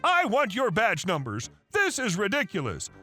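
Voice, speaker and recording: A man putting on a shrill entitled neighbor woman. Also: huge pitch swings, moderate pace, bright, forceful tone, soft background music, full character voice. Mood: screaming. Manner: screeching, shrill.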